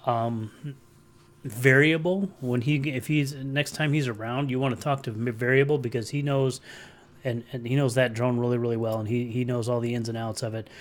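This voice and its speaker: A man's voice: mid-range voice, fairly even intonation, moderate pace. A man hosting a casual livestream, chatting in a rambling way and answering viewer comments aloud. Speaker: livestream host.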